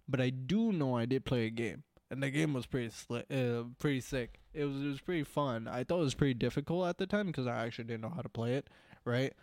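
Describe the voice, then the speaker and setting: A man's voice: medium pitch, fast, darkish tone, no echo. A man from Canada chatting casually with friends, rambling with lots of "like" and restarts. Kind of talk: casual chat.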